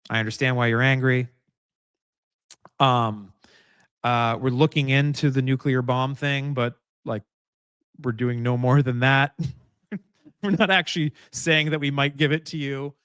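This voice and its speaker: A man's voice: mid-range voice, steady tone, measured pace, long pauses, fairly bright tone, smooth, no echo, clean studio sound. Rambling male live-stream commentator. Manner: rambling, many restarts and fillers, emphatic repeats. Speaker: host.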